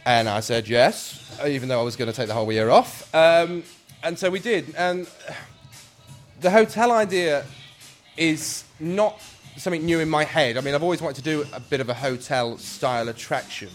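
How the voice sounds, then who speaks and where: A man's voice: fairly high pitch, normal speed. A man with a slightly raised voice tells how his attraction began, filling his answers with ums and restarts. Faint music plays behind him. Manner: rambling, many ums and restarts. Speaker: attraction creator. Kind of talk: casual interview answers.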